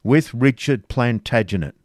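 A man's voice: fairly low pitch, expressive, normal speed, darkish tone, dry recording, clean studio sound, natural voice. A man voicing a battle-worn knight in an audiobook reading, speaking in grave, blunt courtly phrasing. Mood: grim.

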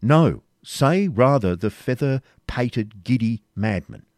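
A man's voice: medium pitch, lively intonation, takes it slowly, a little mellow, no echo, clean studio sound, pitched above the performer's own voice. A man voicing a calculating royal counsellor in an audiobook reading, speaking in formal old-fashioned phrasing. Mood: urgent, persuasive. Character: scheming adult male royal counsellor, cool and calculating.

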